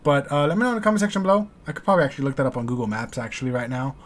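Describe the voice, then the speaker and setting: A man's voice: mid-range voice, racing. An American man hosting a reaction video, rambling candidly through his thoughts and swearing now and then. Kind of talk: casual reaction commentary.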